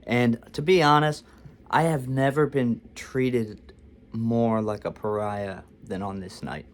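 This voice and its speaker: With a mid-range voice and a slow pace, a man vlogs a storytime monologue to camera. The story wanders, he often restarts, and he makes fun of himself along the way.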